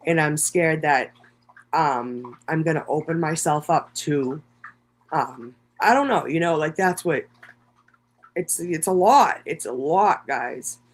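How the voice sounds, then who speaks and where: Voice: mid-range voice, lively intonation, slow. A content creator talking through an emotional, rambling livestream monologue, swearing heavily and circling back on thoughts. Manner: many fillers and restarts.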